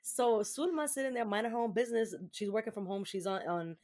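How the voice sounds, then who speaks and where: A woman's voice: fairly high pitch, quick pace. A young woman hosting a chat show, telling a story casually with lots of swearing, laughter and Spanish words mixed in. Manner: animated, profane, laughing storyteller.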